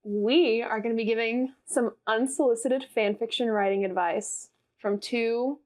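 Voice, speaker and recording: A young woman co-hosting a podcast in casual chat, animated and laughing through her stories. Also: a little high, measured pace. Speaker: podcast co-host.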